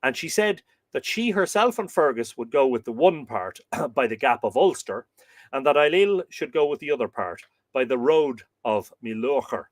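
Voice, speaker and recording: A man reads an old myth aloud on his live show, his voice at an everyday middle pitch. The sound is dry and close, with no room echo. He shifts easily from measured reading into relaxed, hesitant asides. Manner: reads aloud, then breaks off into chatty, halting asides. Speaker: podcast host reading myths.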